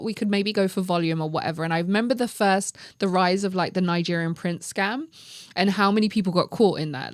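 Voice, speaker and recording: A woman with a somewhat low voice hosts her own podcast. She tells stories in an animated, chatty way and drops in joking asides. Her sound is close and dry, with no room around it. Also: no echo. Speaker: podcast host. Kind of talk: casual solo podcast talk.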